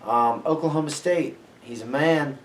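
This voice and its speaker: A young man co-hosting a sports podcast, ranting loudly with plenty of swearing. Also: fairly high pitch, unhurried, roomy sound, slight background noise. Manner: brash, ranting, heavy swearing. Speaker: podcast co-host. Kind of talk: profane sports podcast banter.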